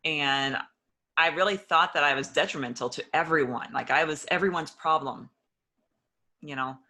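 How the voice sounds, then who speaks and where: A woman being interviewed tells her personal story in a deep, bright, forceful voice at a moderate pace. She's earnest and openly emotional, acting out old conversations as she goes.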